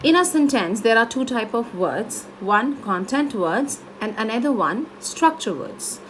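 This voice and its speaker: A woman teaching public speaking in an online lesson, explaining slowly and stressing key words. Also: a little high, animated, a little hiss or hum, low-quality recording.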